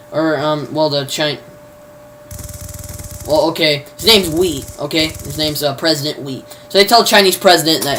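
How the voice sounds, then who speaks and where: A woman's voice: low voice, normal speed, a bit bright. A woman casually recapping a TV episode, rambling with many fillers, restarts and mild slang. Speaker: TV episode reviewer. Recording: distant mic, faint background noise.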